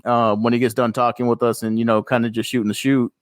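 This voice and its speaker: A man's voice: medium pitch, quick pace, no echo. Dry-sounding man telling a story. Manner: storytelling, animated when quoting others. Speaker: podcast co-host. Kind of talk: casual podcast chat.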